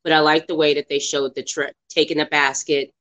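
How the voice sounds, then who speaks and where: A speaker with a bright, forward tone chats about a film on a podcast. They ramble with lots of "um" and "you know", and they sound upbeat and keen throughout. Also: medium pitch, flat delivery, brisk. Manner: rambling, many fillers, enthusiastic. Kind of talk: casual film discussion.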